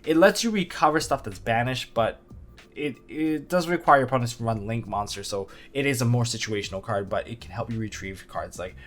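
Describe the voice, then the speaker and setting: A man talking through card strategy in a loose, unscripted commentary, his voice jumping up with excitement and then dropping into low, quieter asides. He sits at a middling pitch and slips in dry sarcasm now and then. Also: brisk, soft background music. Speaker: card game video host. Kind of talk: casual analysis commentary.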